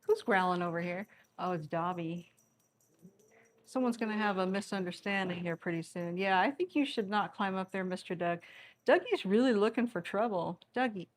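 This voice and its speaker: A woman's voice: mid-range voice, normal speed, slight background noise. A woman at home filming her rescue cats on a tripod camera, teasing them playfully and laughing often as she talks to them. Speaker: cat rescue vlogger. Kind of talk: casual talk to cats during play. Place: indoor room with cats.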